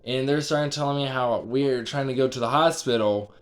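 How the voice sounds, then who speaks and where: A man's voice: mid-range voice, fairly quick. Rambling young man telling a dream. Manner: rambling, filler-heavy, loose with swearing. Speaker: vlogger. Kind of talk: casual dream retelling.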